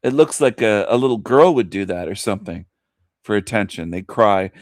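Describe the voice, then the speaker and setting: A man's voice: fairly low pitch, animated, normal speed, no echo, studio quality. A man hosting a show, giving mocking commentary in a sneering, ranting way that repeats itself. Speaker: host.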